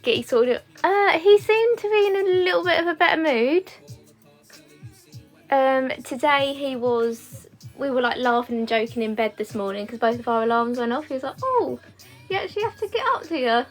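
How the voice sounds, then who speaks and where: A young woman with a fairly high voice chats away to her livestream viewers while doing her makeup. She rambles, fills her sentences with "um" and "like", and keeps it loose and friendly. Faint music plays in the background. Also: moderate pace. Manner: chatty, rambling, with frequent fillers. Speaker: beauty content creator.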